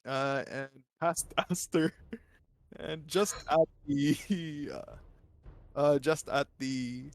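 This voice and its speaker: Hesitant slow-talking man player. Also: a little high, steady tone. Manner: hesitant, searching for words. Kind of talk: playing a tabletop game.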